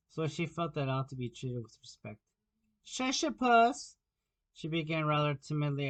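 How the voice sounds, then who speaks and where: A man narrating an amateur audiobook of a children's classic in a plain, steady reading voice. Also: medium pitch, poor audio.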